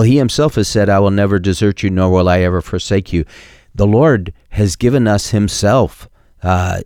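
A middle-aged man preaching a sermon, emphatic and building to sharp peaks, quoting scripture with chapter and verse. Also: low voice, dry recording, studio quality. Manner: emphatic preaching, rising sharply on key points. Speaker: pastor.

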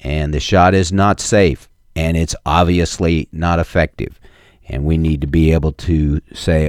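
Into a studio microphone, a male talk radio host delivers an emphatic, repetitive monologue, mocking opponents in quoted voices. His voice is low and steady in tone, darkish, at normal speed, with no echo.

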